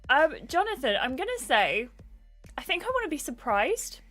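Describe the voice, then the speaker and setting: A woman's voice: high-pitched, big pitch swings, moderate pace, fairly bright tone, faint music behind. A young adult woman livestreaming a game, chatting casually and greeting viewers by name. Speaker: gaming livestreamer.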